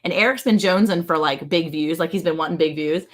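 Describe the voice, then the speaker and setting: A woman hosting a casual livestream from a ranch home, chatty and excited and laughing often. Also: fairly low pitch, fast talker. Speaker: livestream host.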